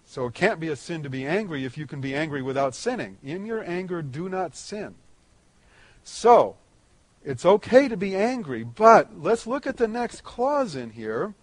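Man, preacher, sermon, verse-by-verse explanation, fairly high voice, dry recording. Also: very animated, normal speed, no room sound. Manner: explains verse by verse, conversational with fillers; rises in pitch and volume on emphatic points. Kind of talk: Bible teaching sermon.

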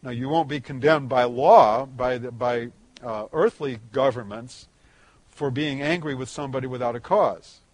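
A man preaching a sermon, explaining a Bible passage verse by verse in a conversational way, rising in pitch and volume on emphatic points. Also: moderate pace, dry recording.

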